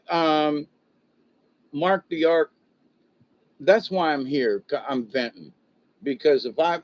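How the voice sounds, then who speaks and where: A man's voice: a little high, lo-fi sound. An older man venting and rambling on a casual livestream, stopping to greet viewers and read their comments. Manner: frustrated, rambling, self-interrupting.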